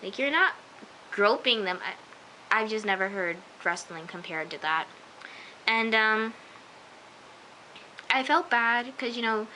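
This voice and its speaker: Casual vlogger, female, bright, slightly high voice, chatty and emphatic, light hiss. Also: animated, slow, pauses often, low-quality recording. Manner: chatty, emphatic, often says "I'm just like". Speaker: TV episode reviewer. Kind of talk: casual recap vlog.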